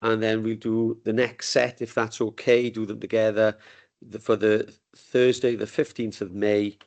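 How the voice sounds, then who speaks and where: A man's voice: lowish voice, flat delivery, measured pace, a little mellow. Genial man chairing a meeting. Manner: informal, genial and joking. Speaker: committee chair. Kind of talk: chairing a council committee meeting. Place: council meeting room, hybrid session.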